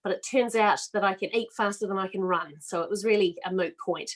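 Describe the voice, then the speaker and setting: A middle-aged woman from Australia doing a self-mocking, animated stand-up set over a video call. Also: mid-range voice, fairly quick, poor audio. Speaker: comedian.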